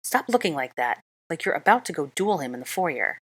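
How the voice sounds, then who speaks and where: A woman reading the part of a clever young witch, speaking briskly with exasperation in an audiobook-style fan reading. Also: sits low, sing-song, a bit bright, husky, dry recording, heavily acted. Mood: exasperated.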